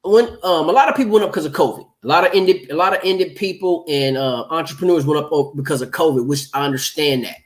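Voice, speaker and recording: Man podcast host, slightly high voice, laid-back teasing banter. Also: quick pace, few pauses. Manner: relaxed, teasing, rambles with fillers. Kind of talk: casual round-table chat.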